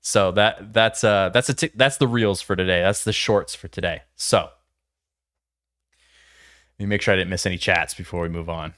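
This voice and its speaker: A man's voice: deep voice, moderate pace, fairly bright tone, no room sound, clean studio sound. A man hosting a livestream, talking bluntly and opinionated, swearing casually as he reacts to clips. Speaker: livestream host.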